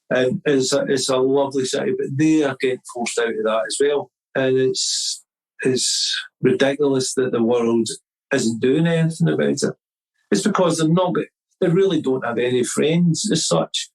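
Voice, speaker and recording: A man's voice: mid-range voice, fairly even intonation, moderate pace, darkish tone, poor audio. A middle-aged man, a podcast guest telling a long story in casual chat, rambling with restarts and acting out the people he quotes. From Scotland.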